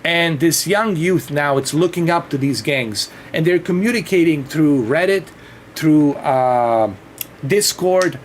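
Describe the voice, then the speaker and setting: A man's voice: fairly high pitch, slow pace, slight background noise. Rambling, cursing man on a livestream. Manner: rambling and profane, with frequent restarts and laughs. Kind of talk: casual rambling chat.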